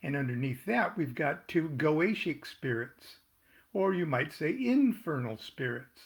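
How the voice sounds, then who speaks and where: An older American man reading aloud from his own tarot booklet, pausing to explain terms and make small jokes. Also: fairly high pitch, very animated, breathy edge. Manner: unhurried, stops to explain and joke. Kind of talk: casual reading with asides.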